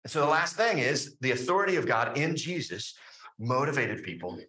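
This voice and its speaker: A man preaching a sermon, lively and conversational, with frequent fillers and questions to the congregation. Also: medium pitch, fairly quick, echoey room, rough recording. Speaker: pastor.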